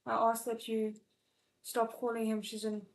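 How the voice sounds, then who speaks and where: A woman reading the lines of a firm young female disciple who scolds in a steady, stern way. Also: a little high, measured pace. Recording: echoey room.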